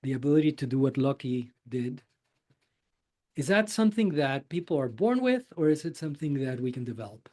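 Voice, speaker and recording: A man co-hosting a podcast who talks casually and asks thoughtful, measured questions. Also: mid-range voice, sing-song, darkish tone. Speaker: podcast co-host. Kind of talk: casual conversation.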